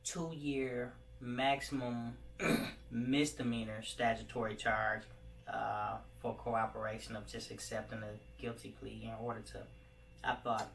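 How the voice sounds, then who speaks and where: A man tells his own story in a meandering monologue, filling his pauses with "you know" and "like." His voice sits at an ordinary middle pitch. The mic is a little far from him, and a faint noise runs under the recording. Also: level tone, vocal fry, fairly bright tone. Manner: rambling, full of "you know" and "like" fillers.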